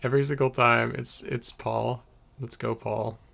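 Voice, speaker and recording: Gravelly-voiced man chatting on a stream. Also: medium pitch, flat delivery, unhurried, fairly bright tone. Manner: giggly, muttering to himself while he works. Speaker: streamer editing a podcast. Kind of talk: casual live-stream chat.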